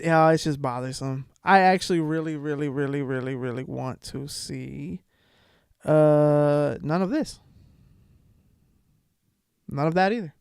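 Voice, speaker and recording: A man's voice: a little high, clear, resonant tone, dry recording. Brief: male commentary host, heated exasperated rant, close dry mic. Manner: heated, exasperated, swings between shouting and muttering.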